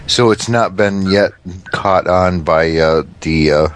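Deep-voiced deadpan prank caller man. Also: slow. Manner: mock-earnest, deadpan questions. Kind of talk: prank phone call.

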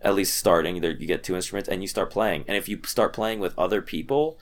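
A man's voice: low voice, quick pace. A man in casual chat, enthusiastic and slangy, explaining a game to friends. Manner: enthusiastic, slangy, calls others dude and bro. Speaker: gamer in group chat.

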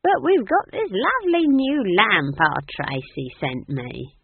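A narrator voicing a chatty, earthy old female witch in an audiobook, talking in a folksy, drawn-out way, over a tinny, phone-like line. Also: medium pitch, sing-song, slightly rough, no echo, pitched above the performer's own voice, heavily acted. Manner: folksy, gossipy, drawn-out speech.

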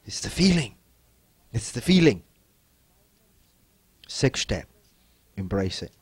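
With a breathy edge to his mid-range voice and no echo in the recording, a very animated man gives a self-help teaching talk. His slow, repetitive delivery is gently insistent and frequently drops to something soft and quiet.

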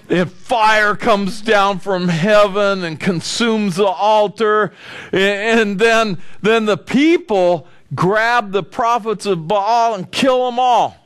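A man's voice: high-pitched, takes it slowly, dry recording. A man preaching a sermon as pastor, telling the story with acted-out voices and questions to the listeners. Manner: animated storytelling, acting out voices of figures; asks the congregation questions.

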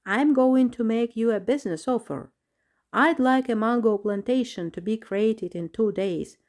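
A woman voicing a clever male chipmunk who talks calmly and persuasively in a storybook reading. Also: on the high side.

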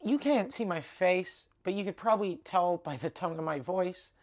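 Low-voiced woman telling rambling stories. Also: normal speed. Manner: animated, swears, acts out dialogue in quotes. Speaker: stand-up comedian. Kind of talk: casual solo podcast storytelling.

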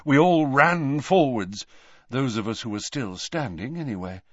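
A man playing a calm, firm grown man. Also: mid-range voice, a little slow, dry recording, muffled recording, pitched above the performer's own voice.

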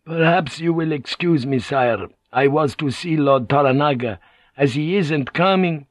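A man's voice: on the high side, unhurried, no room sound, voice pushed up, close to an everyday voice. A man voicing a polite, formal priest and interpreter who speaks in a restrained, deferential way.

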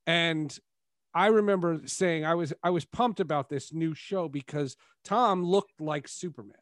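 A man's voice: on the high side, unhurried, dry recording, studio quality. A man hosting a podcast interview, chatting casually and winding through his questions with restarts. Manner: rambling, restarts mid-thought. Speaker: podcast host.

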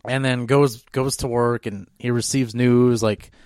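Man, podcast co-host, casual rambling storytelling, smooth clear voice, dry close sound. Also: medium pitch, fairly even intonation, a little slow, a little mellow, no room sound. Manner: rambling, full of fillers and restarts.

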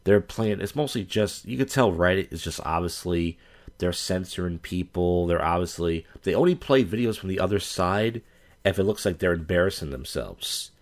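A man's voice: low voice, expressive, normal speed. A man hosting a podcast, talking casually in a rambling, crude and blunt way as he introduces clips. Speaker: podcast host.

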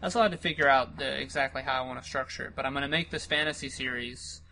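A man co-hosting a podcast and working as a writer, explaining things earnestly in casual chat with some halting restarts. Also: mid-range voice, steady tone, pushed and bright, slight background noise, rough recording.

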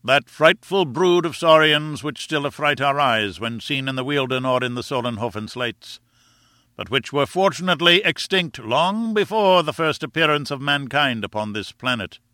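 A man voicing a stern, sharp-tongued male lecturer who declaims in a raised, indignant tone. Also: mid-range voice, expressive, moderate pace, no echo, clean studio sound. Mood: lecturing.

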